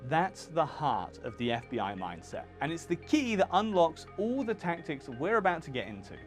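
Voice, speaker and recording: Lively, punchy male video teacher. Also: fairly high pitch, moderate pace, faint music behind. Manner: punchy, emphatic, conversational. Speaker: channel host teaching freelancers. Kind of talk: energetic video lesson.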